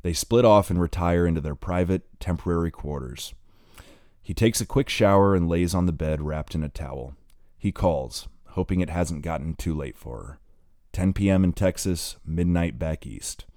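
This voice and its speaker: A man with an extremely low, dark voice narrates an audiobook. His reading is plain and measured. He is recorded on a close mic in a dry space. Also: no echo.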